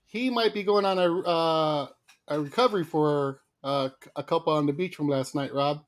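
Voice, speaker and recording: A man co-hosting a casual livestream, lively and quick to laugh as he greets viewers by name. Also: fairly high pitch. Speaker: livestream co-host.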